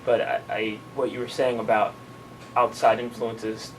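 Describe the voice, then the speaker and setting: A man in the audience sharing his view haltingly and earnestly. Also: medium pitch, level tone. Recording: distant mic, noisy room.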